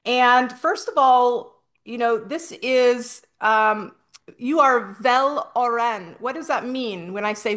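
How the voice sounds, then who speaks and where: A woman's voice: on the high side, takes it slowly, fairly bright tone. A woman hosting a spiritual interview, talking casually and hesitantly to viewers and asking an AI voice questions. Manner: hesitant, with fillers and restarts. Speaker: host interviewing an AI voice. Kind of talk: casual spoken talk to viewers.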